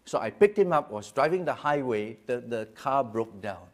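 Speaking to a gathering, a middle-aged Singaporean pastor gives a personal testimony in a medium-pitched voice at a moderate pace. He alternates between quiet, low passages and loud, lively ones, frequently repeating words.

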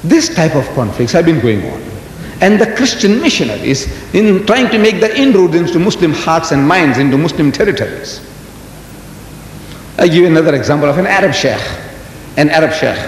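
A man in his seventies giving a lecture to an audience, telling stories in an animated way and firing off rhetorical questions. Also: normal speed. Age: 70s. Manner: animated storytelling, rhetorical questions, emphatic jumps in pitch. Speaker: Islamic lecturer. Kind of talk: lecture delivered to a live audience. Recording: roomy hall reverb, faint background rumble.

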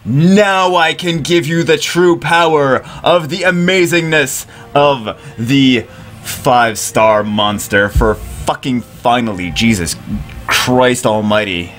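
A man giving excited commentary over a mobile game, giddy, loud and swearing, laughing as he plays. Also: mid-range voice, slow. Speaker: mobile game video creator.

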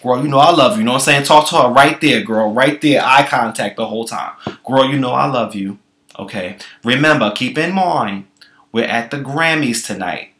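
A man vlogging, telling a profane comic story in an animated, chatty way. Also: mid-range voice, normal speed. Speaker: comedy vlogger. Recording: echoey room.

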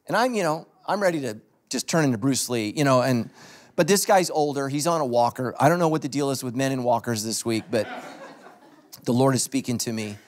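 A man's voice: mid-range voice, brisk. A man preaching as a pastor to his congregation, telling funny stories in a loose conversational sermon that he speaks straight to the crowd. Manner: joking storyteller, talks straight to the congregation. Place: church stage before a congregation.

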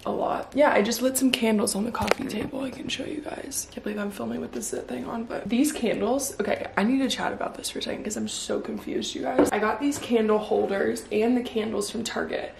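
A chatty young woman talks to her camera at home, excitable and full of fillers. Her voice has a gravelly, fried edge. The room rings with echo, with a faint hiss behind. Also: a little high, brisk, hardly any pauses. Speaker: vlogger. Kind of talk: casual vlog chat.

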